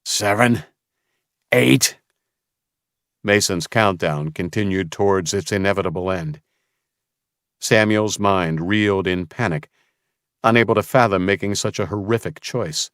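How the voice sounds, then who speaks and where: A man narrating an audiobook in a slow, measured storytelling manner. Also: low-pitched, fairly bright tone, smooth, no echo, clean studio sound. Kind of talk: scripted narration.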